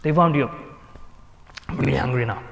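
A man's voice: medium pitch, fairly quick, vocal fry, a bit bright, in a large hall. A man teaching hadith in a conversational way, repeating key phrases and asking rhetorical questions. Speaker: religious teacher. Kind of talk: explaining hadith in a class.

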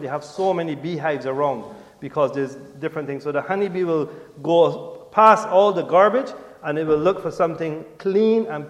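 Exhorting preacher in an echoing mosque hall. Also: male voice. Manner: code-switches, often asks "you understand?", quotes Arabic and translates it; earnest, exhorting, voice falls low at the end of points. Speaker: preacher addressing a mosque congregation. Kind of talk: sermon. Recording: long reverb of a large hall.

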